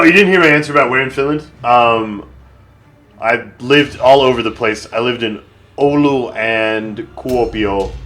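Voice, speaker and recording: Man, fairly low voice, live gameplay chatter, lots of ums, soft game music underneath. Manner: rambling, thinks aloud with many fillers. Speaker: video game streamer. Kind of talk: casual live gameplay commentary.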